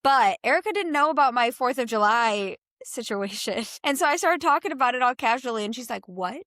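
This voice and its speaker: A young adult woman co-hosting a real estate podcast, telling a story in a lively, profane, chatty way. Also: a little high, brisk, no echo, studio quality.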